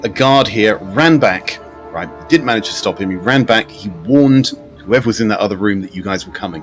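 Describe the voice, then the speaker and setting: A man, narrating a tabletop game as game master. He talks in a chatty way, with many fillers and restarts. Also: fairly low pitch.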